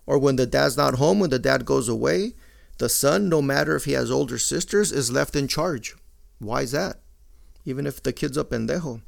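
Gravelly man, blunt and profane. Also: mid-range voice, moderate pace. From Mexican-American. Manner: profane, blunt, mixing Spanish slang into English. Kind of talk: casual monologue.

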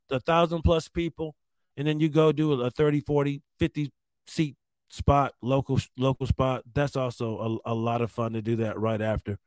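A young man, a stand-up comic, spinning a casual story with a slightly high voice. He rambles, swears and restarts his sentences often. The sound is dry, with no room around it. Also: dry recording. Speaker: comedian.

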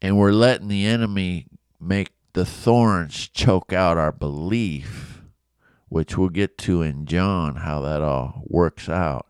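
Deep, slow and a little mellow, a Bible teacher casually walks through a lesson, performing the lines of the people in the story in a clean tone. The recording is dry, clean studio sound.

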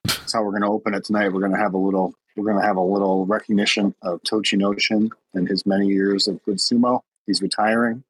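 A man's voice: lowish voice, little pitch movement, fast, slight background noise, low-quality recording. A man co-hosting a casual podcast in an easygoing, laid-back way. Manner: easygoing, laid-back, plugs an upcoming stream. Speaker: podcast co-host.

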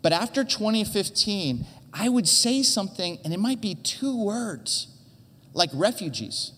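A man's voice: high-pitched, big pitch swings, unhurried, bright, forceful tone, husky, long reverb tail. A man, a teaching pastor, giving a conversational sermon in an earnest way, often restarting and repeating his words.

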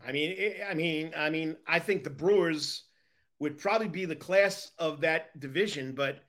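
Brief: upbeat male sports talk host, high and bright-voiced, leads the chat. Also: normal speed. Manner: upbeat, playful, leading the topics.

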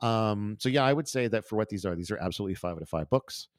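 A man's voice: fairly low pitch, animated, fast, dry recording, clean studio sound. A man co-hosting a podcast in casual, joking chat. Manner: joking, loose, swears casually. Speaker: podcast co-host.

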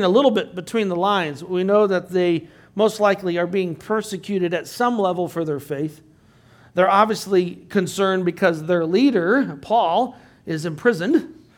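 High-voiced man joking through a sermon. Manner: conversational, joking asides. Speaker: pastor.

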